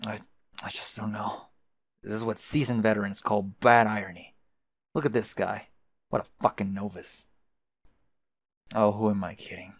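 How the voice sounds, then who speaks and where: A man's voice: on the low side, dry recording. A young man voicing a sardonic, self-mocking young guy who talks dryly and swears casually. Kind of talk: reading a webcomic aloud, voicing characters.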